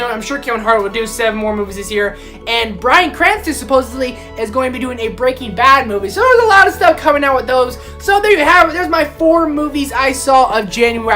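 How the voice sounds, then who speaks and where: A woman reviewing films in a casual vlog, excitable and easily riled up as she rants. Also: high voice. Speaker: film vlogger. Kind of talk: casual movie review rant.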